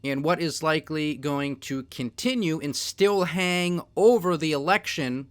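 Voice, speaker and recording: High-voiced sardonic man ranting. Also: measured pace, clean tone. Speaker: podcast host. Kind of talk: solo political and market commentary.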